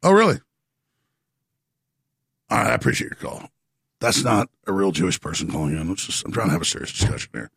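A middle-aged man hosting call-in talk radio, intense and quick, repeating himself. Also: low-pitched, big pitch swings, gravelly, fairly bright tone, husky, no echo, studio quality. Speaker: radio talk show host.

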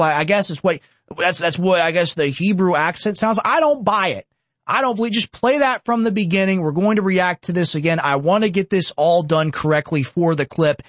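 A man hosting a reaction commentary show, indignant and sarcastic, talking in quick bursts. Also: high-pitched, dry recording. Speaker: online commentary host.

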